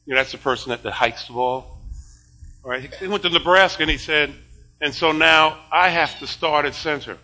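High, bright older preacher man. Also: normal speed, rough recording. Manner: animated, swings from shouting praise to quiet storytelling; laughs often while talking. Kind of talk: sermon.

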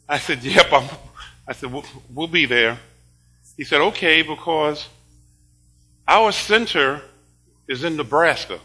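An older man preaching a sermon, animated and laughing often, moving between shouted praise and quiet storytelling. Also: a little high, takes it slowly, long pauses, slightly rough, poor audio. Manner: laughs often while talking.

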